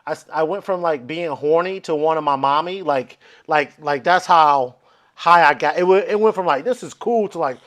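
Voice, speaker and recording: A man's voice: a little high, normal speed, fairly bright tone. A man telling a long funny story, acting out quotes and swearing freely as he goes. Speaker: comedian guest. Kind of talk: storytelling on a comedy podcast.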